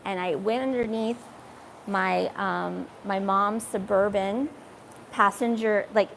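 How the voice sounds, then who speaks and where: A woman's voice: mid-range voice, steady tone, gravelly, a bit bright. A woman talks through childhood memories in a loose, rambling way. She stops and restarts often, filling the gaps with "um" and "you know". Faint background noise sits under her voice. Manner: rambling, halting, many fillers and restarts. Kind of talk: personal storytelling.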